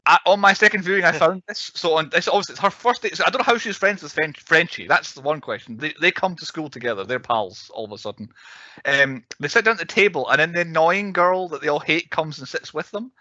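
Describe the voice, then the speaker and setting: A young man co-hosting a casual podcast, chatty and quick to laugh. His voice sits fairly high and sounds bright and forward. The recording is dry and slightly muffled. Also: no echo. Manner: chatty, laughs often, acts out quotes. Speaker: podcast co-host. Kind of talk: casual chat.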